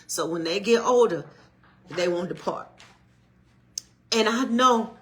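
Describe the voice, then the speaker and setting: A middle-aged woman talks casually on a livestream. Her voice is bright and forceful, and she greets viewers by name. She slips into an encouraging, preacherly tone, like a minister talking to her community. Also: mid-range voice. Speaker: channel co-host and minister.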